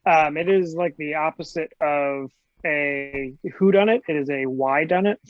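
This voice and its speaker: A man's voice: fairly high pitch, measured pace, no room sound, dull audio. A man co-hosting a podcast, speaking in a casual, hesitant way with many fillers. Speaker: podcast co-host. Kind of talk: casual chat.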